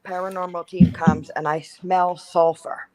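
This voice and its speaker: Woman in her 30s spinning a creepy story, lots of "like", lowish voice. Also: flat delivery, unhurried, mellow, low-quality recording. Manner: chatty, heavy use of "like", acts out quotes. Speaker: guest storyteller. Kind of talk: casual storytelling.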